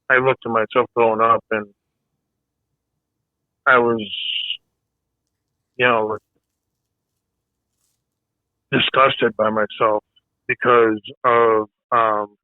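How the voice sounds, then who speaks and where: A man who is a veteran, speaking as a guest in a casual interview, halting and soft-spoken with many pauses. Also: medium pitch, level tone, no room sound. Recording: thin phone-like line, dry.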